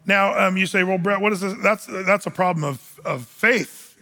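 Man, sermon, high voice, bright and forceful, animated, voices quoted people, long hall reverb. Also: normal speed. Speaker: men's group speaker.

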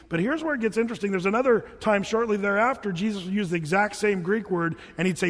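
A man preaching a sermon as pastor in a relaxed, chatty way and often restarting his sentences. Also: sits high, fast, hardly any pauses. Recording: long hall reverb.

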